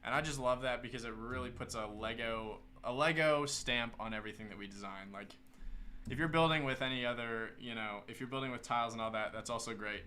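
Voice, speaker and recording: A man's voice: mid-range voice, fairly quick, sharp tone, a little hiss or hum. A man hosting a live building stream, chatting casually and enthusiastically.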